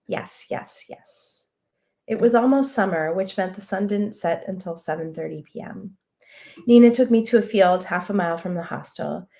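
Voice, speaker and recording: A woman author reading a prose excerpt aloud in a measured, reflective way. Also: medium pitch, vocal fry, mellow.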